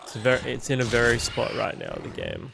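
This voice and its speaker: A man's voice: mid-range voice, brisk, vocal fry, background noise. Chatty Australian man streaming. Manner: relaxed, chatty, swears casually. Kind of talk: casual chat while gaming.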